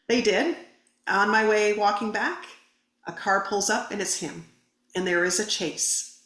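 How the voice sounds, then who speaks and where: A woman's voice: mid-range voice, measured pace, a bit bright. A woman guest on a podcast, earnestly retelling a personal story and acting out the dialogue. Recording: roomy echo.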